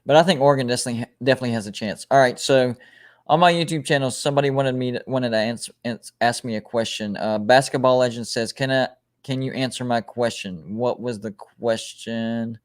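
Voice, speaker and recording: A man's voice: mid-range voice, fairly quick. A man hosting a casual sports live stream, reading out ranked lists and viewer comments, rambling and often correcting himself. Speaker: sports livestream host.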